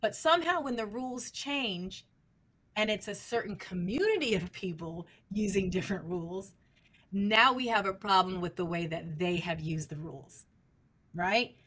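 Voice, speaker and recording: A woman's voice: medium pitch, moderate pace, a bit bright. A middle-aged woman researcher, a guest in an interview, explaining her field in an emphatic, teacherly way. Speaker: speech language researcher, guest.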